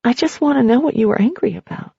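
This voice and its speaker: Casting: woman putting on a meek, eager-to-please partner, small higher voice, husky, dull dry recording. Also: lively intonation, fast, mellow, dry recording, full character voice. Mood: timid. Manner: small, timid, soothing.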